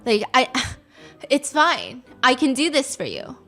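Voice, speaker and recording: A woman voicing a strange, deadpan young male actor who talks low and unbothered. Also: slow pace, soft background music, full character voice.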